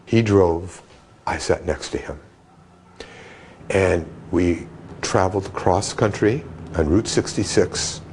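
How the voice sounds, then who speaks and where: A man interviewed for a documentary, telling a personal story in a vivid, animated way. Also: deep voice, slow pace, long pauses, a little hiss or hum. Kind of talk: storytelling reminiscence.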